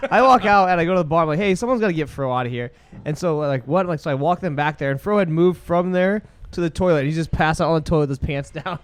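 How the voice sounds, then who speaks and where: A man's voice: a little high, fast, smooth, no room sound. A Midwestern American man co-hosting a podcast, joking and laughing often in casual comedic chat. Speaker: podcast co-host.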